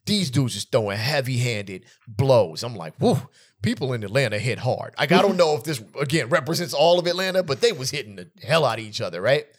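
A man's voice: medium pitch, brisk, few pauses. A man, around his thirties, telling funny travel stories in a casual podcast chat, often laughing. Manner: animated, laughing storyteller. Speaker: podcast co-host.

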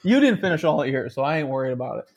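A young man with a somewhat high voice, chatting on a podcast. He is playful and quick to get excited, and he swears casually. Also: husky. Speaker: podcast co-host. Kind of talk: casual chat.

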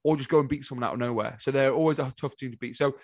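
A man co-hosting a casual chat show, telling stories in an animated, exasperated way. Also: medium pitch, very fast, husky, no echo. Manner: animated storytelling, exasperated asides. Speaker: podcast co-host.

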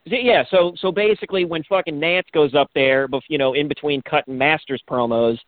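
A man's voice: a little high, dry recording. Radio co-host guy rambling, trips over his words, swears, tinny dry sound. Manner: rambling, halting, lots of restarts and swearing. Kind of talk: casual sports radio banter.

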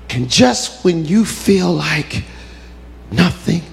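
High, gravelly-voiced male preacher. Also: lively intonation, takes it slowly. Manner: emphatic, call-and-response, rising to shouts. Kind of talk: sermon storytelling.

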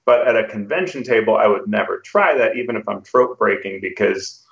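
A thoughtful man co-hosting a tabletop gaming podcast, speaking in a measured way. His low voice is gravelly and full of fry. It is recorded in a roomy space with a dull, lo-fi sound. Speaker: podcast co-host. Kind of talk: casual discussion about tabletop game mastering.

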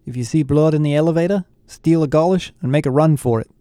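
A man's voice: fairly high pitch, fast, mellow, no echo, clean studio sound, pitched above the performer's own voice, lightly acted. A man voicing a nerdy know-it-all teenage boy with a slightly raised, pedantic tone. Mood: smug.

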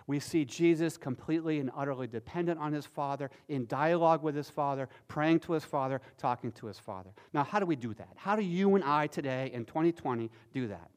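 A middle-aged male pastor delivering a sermon in a fairly high voice. He swings between loud, emphatic bursts and soft, hushed lines. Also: fairly quick, clean tone. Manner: animated, shifting from loud emphasis to soft near-whispers.

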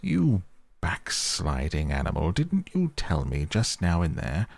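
A man voicing a stern, dignified old male badger who speaks gravely and firmly. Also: sits low, a little mellow, no echo, exaggerated voice. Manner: grave, firm and measured.

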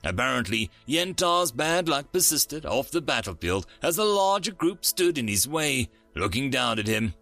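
Male story narrator, sci-fi reading, lively pitch, gravelly texture, faint music behind. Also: moderate pace, few pauses, no echo.

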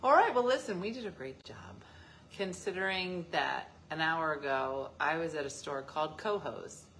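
A woman's voice: low-pitched, expressive, moderate pace, a bit bright, a little hiss or hum. A woman hosting a casual live stream, joking and teasing as she answers viewer comments. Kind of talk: casual chat.

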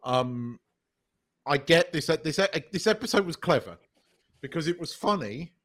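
A man's voice: fairly high pitch, lively intonation, unhurried, a bit bright. A man co-hosting a podcast in casual, emphatic chat, swearing now and then. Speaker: podcast co-host.

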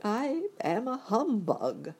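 A woman's voice: fairly high pitch, big pitch swings, takes it slowly, a little mellow, slightly rough, pitched above the performer's own voice, full character voice. A woman voicing a timid little old man who poses as a great wizard, stammering and trembling as he pleads.

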